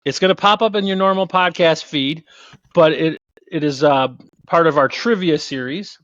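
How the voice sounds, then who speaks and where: A man's voice: a little high, moderate pace, a bit bright, no echo. Chatty male podcast host, dry and dull. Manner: loose, chatty, lots of fillers and restarts. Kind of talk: casual podcast chat.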